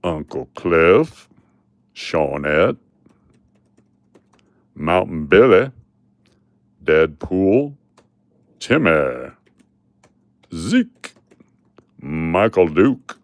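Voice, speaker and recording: A man doing an impression of a drawling Southern uncle with a Southern accent, reading a list of names slowly and loudly. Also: deep voice, sing-song, no room sound, voice pushed down, exaggerated voice.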